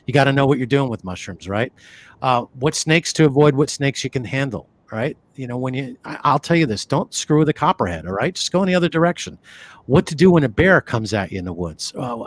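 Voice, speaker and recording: A man co-hosting a podcast in loose, conversational talk. He rambles with lots of fillers and restarts, and his voice sits at an ordinary middle pitch. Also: big pitch swings, fairly quick. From New York City area. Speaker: podcast co-host.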